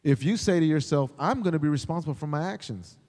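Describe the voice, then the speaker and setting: A middle-aged man, a chaplain, teaching in a sermon style, animated, acting out the voices he quotes. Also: fairly high pitch, quick pace, long reverb tail. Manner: animated, acts out quoted voices, repeats words when starting. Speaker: chaplain and pastor.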